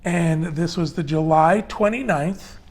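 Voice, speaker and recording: A male podcast host with a somewhat high voice chats loosely through a panel discussion. He peppers his talk with fillers and lays out details step by step. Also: unhurried. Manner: chatty, loose and conversational with many fillers. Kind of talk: casual panel chat.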